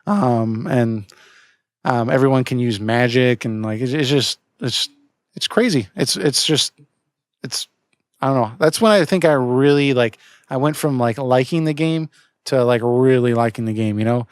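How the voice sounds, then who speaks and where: A man co-hosting a podcast, talking about a video game in a loose, halting way with many fillers and restarts. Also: mid-range voice, clear, resonant tone, no echo, clean studio sound. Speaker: podcast co-host. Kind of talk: casual game discussion.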